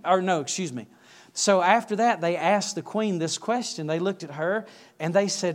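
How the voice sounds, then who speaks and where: A man's voice: high-pitched, moderate pace. A male preacher telling an anecdote in a sermon, correcting himself mid-story.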